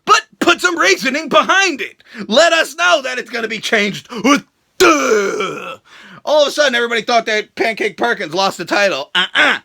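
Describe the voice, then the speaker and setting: A young man with a very high, bright and gravelly voice hosts a ranting review show. He mocks and swears freely, his pitch swinging widely as he shouts now and then. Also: lively intonation, normal speed. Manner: crude, sarcastic, mocking, shouts. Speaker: show host reviewing wrestling.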